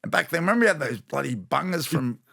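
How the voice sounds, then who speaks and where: A man's voice: on the high side, animated, fast, creaky, a bit bright, no room sound, studio quality. An Australian former rugby league player in his fifties, telling rambling, blokey stories with slang on a podcast. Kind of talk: casual storytelling chat.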